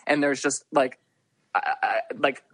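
A man's voice: medium pitch, steady tone, a little slow, a bit bright, no room sound. Rambling man telling a story, dry sound. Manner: rambling, heavy use of "like", acts out quotes. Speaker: podcast guest, festival attendee. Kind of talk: casual storytelling.

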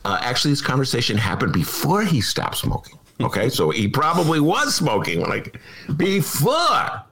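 Podcast host guy, super animated voice, bright and punchy, chatty, laughs a lot. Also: mid-range voice, moderate pace. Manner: chatty, self-deprecating, laughs often. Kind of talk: casual political podcast chat.

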